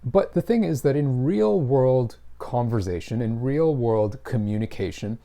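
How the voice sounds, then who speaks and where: Patient male teacher with a mellow, relaxed voice, for a scripted lesson. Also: medium pitch, measured pace, hardly any pauses. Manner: patient, explanatory, stresses example phrases. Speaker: English teacher.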